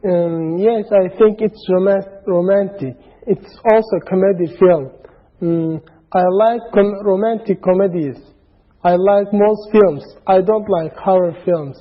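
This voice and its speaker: A man's voice: high voice, a little slow. A man answering as a student in an English class, hesitant and restarting his words. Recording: thin phone-like course audio.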